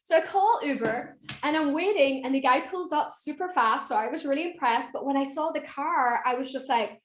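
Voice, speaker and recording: A woman's voice: sits high, moderate pace, a bit bright, slight background noise. A woman in her forties from Ireland, with an Irish accent, giving a motivational talk as a business mentor and rallying her audience to answer in the chat. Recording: roomy echo.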